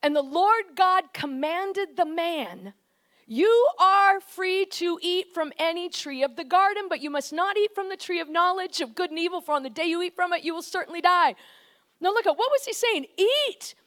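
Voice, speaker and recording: A woman preaching a conversational, animated sermon, often shifting into quoted voices. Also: extremely high pitch, normal speed.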